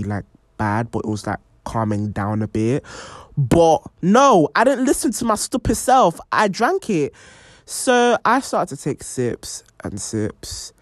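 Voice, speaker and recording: Animated young woman telling a story. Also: extremely low pitch, unhurried, no room sound, clean studio sound. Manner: animated, many fillers, acts out quoted voices. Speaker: podcast host. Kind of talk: personal storytelling.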